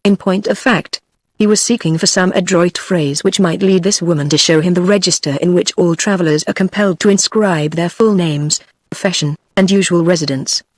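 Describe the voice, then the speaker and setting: A text-to-speech woman's voice with a British accent, narrating a classic novel in an even synthetic way. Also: fairly low pitch, a little fast, no echo. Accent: British English. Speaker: audiobook narrator. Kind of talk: text-to-speech book reading.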